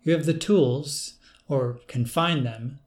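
A man reading an audiobook, voicing a calm, commanding male clone of the narrator who speaks in an assured, cryptic way. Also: mid-range voice, takes it slowly, close to an everyday voice.

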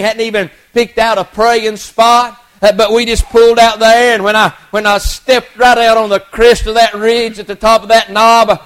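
Man, middle-aged, preacher; high-pitched, folksy storytelling sermon. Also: a bit bright, smooth, low-quality recording. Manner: folksy, earnest, many restarts and repeated words.

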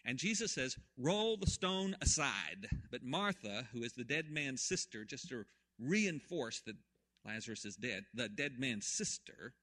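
A man preaching a sermon, retelling a story with swings from hushed to loud. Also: medium pitch, lively intonation, normal speed. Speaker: pastor.

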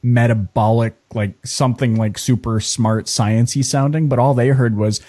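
A man's voice: mid-range voice, fairly even intonation, normal speed, dark tone. A Canadian man with a Canadian accent hosting a casual interview, playful and joking. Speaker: podcast host.

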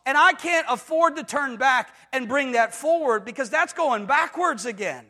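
High bright preacher guy, emphatic, keeps asking the crowd are you with me, echoey church hall. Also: lively intonation, moderate pace, hardly any pauses. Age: adult. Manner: emphatic, with call-and-response questions to the congregation; acts out quoted voices in dramatic bursts. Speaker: pastor. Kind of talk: sermon. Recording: reverberant hall.

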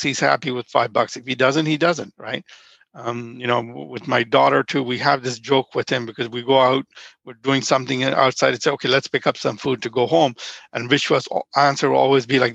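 A man's voice: mid-range voice, creaky, fairly bright tone, dry recording, dull audio. A man in his fifties from Nigeria, a podcast guest telling rambling stories in casual conversation. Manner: rambling storyteller, frequent restarts.

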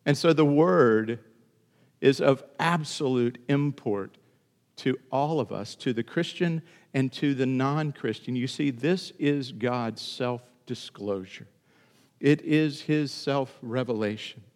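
A man preaching a sermon in an earnest, emphatic way, now and then leaping up in pitch to drive a point home. His voice sits at an ordinary middle pitch, and it rings out with the long reverb of a large church hall. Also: slow, a little mellow. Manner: earnest preaching, rising to emphatic high bursts. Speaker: pastor.

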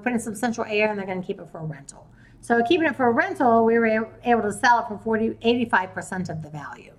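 A woman's voice: medium pitch, low-quality recording. A woman, hosting a podcast and telling a story casually, acting out the people she talked to. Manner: chatty, retells conversations in quoted voices. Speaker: podcast host and real estate investor.

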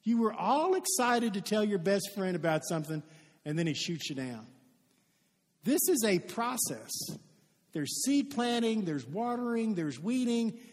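A pastor from Kentucky preaching a sermon, telling stories and acting out the dialogue in them. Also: male voice, high-pitched, measured pace, long reverb tail. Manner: lively storytelling, acts out quoted dialogue.

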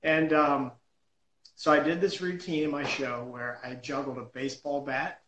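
A man telling a story about his juggling days in a lively, self-deprecating way. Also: fairly high pitch, normal speed, echoey room, poor audio. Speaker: juggler and comedy performer. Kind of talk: casual storytelling chat.

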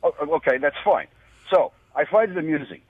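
A man's voice: fairly high pitch, lively intonation, fairly quick, husky, dry recording. An American man calling in to a radio show, indignant and persistent, with a sarcastic edge. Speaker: caller. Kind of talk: call-in radio argument. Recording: dry tinny phone line.

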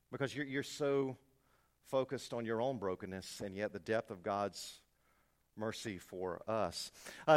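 A middle-aged pastor preaching a sermon, conversational, swinging from hushed to loud and emphatic. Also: male voice, on the high side. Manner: conversational, with repeated words and asides.

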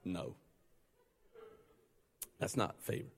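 A male pastor preaching a sermon, joking and conversational, then building to loud, fervent passages. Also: drawn-out words, long reverb tail.

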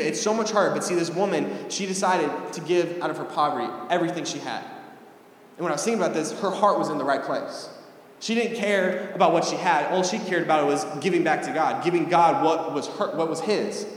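A man's voice: fairly high pitch, brisk. A young man giving a casual, storytelling sermon as a preacher, often repeating his phrases. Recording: echoey hall with long reverb.

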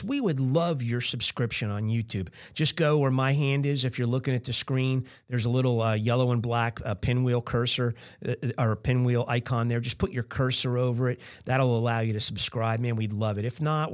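A man hosting a casual business podcast from a recording studio, chatty and upbeat, often tossing in "man" and "right?". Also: on the high side. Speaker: podcast host.

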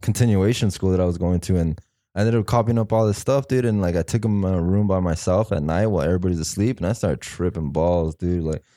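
Man, deep warm voice, casual chat, laid-back, slangy. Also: quick pace, no echo, clean studio sound. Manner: laid-back, keeps saying dude.

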